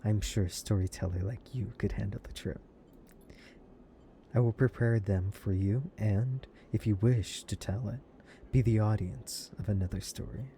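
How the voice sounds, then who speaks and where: A man reading as a booming street cook. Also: fairly even intonation, normal speed, dark tone, a little hiss or hum, natural voice. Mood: friendly. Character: booming male street-food cook, wary and friendly. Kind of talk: reading a game character's lines aloud.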